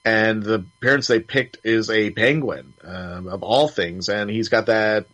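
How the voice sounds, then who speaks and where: A man's voice: lowish voice, a little slow, a bit bright. A man hosting a casual review show, rambling with many restarts and fillers. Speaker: podcast host. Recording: slightly dull lo-fi audio.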